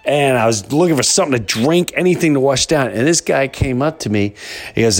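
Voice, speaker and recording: A man hosting a podcast, telling a comic story in an animated, exaggerated way with many restarts. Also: medium pitch, brisk. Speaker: podcast host. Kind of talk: comedic storytelling.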